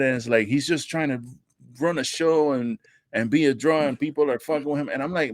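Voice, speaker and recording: A man co-hosting a wrestling podcast in casual chat, animated and profane, acting out quotes with his voice jumping up. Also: normal speed, dry recording, clean studio sound. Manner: animated, profane, acts out quotes with rising pitch. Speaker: podcast co-host.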